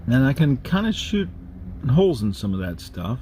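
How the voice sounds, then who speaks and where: A man telling a personal ghost story in a slow, measured, halting way, with pauses and restarts. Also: medium pitch, sing-song, darkish tone, a little hiss or hum. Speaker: narrator of a paranormal recording series.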